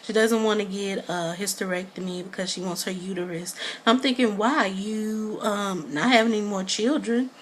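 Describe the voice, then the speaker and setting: A woman's voice: mid-range voice, fairly even intonation, moderate pace, a little hiss or hum. A woman vlogger in casual chat, reviewing a show in a rambling, gossipy way full of fillers.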